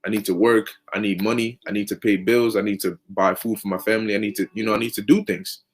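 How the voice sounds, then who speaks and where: A man's voice: on the low side, fairly even intonation, fast, pitched below the performer's own voice, lightly acted. A man doing an earnest praying working man. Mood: pleading. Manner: earnest, pleading.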